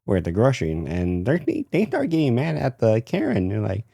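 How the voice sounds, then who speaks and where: A man's voice: mid-range voice, huge pitch swings, a little fast, gravelly, hardly any pauses, warm tone, no echo, clean studio sound. A young man casually telling a story from his retail job, rambling with many fillers.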